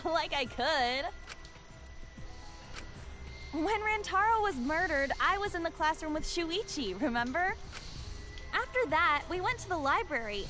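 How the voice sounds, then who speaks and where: A woman's voice: extremely high pitch, pushed and bright, exaggerated voice. A woman voicing an upbeat, earnest teenage girl pianist in an English game dub. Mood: playful, insistent. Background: game music.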